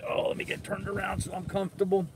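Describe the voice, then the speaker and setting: Heavy background noise surrounds an older sailing vlog host who talks fast in a high-pitched monotone. Livestreaming from his moored boat in a harbor outdoors at evening, he reads viewer comments aloud and responds in a relaxed, rambling way with lots of fillers.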